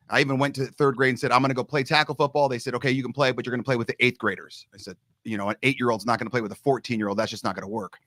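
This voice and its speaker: A middle-aged man from Southern California, a guest telling animated stories in casual chat and acting out the people in them. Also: medium pitch, no room sound. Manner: animated storyteller, acts out quoted coaches. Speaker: guest, long snapping coach. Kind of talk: casual storytelling.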